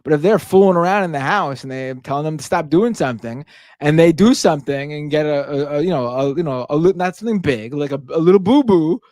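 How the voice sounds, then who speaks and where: A man's voice: fairly high pitch, fast talker, a little mellow, no echo, clean studio sound. A man hosting a live stream, reading super chats aloud and ranting in a casual, profane, indignant way. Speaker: livestream show host.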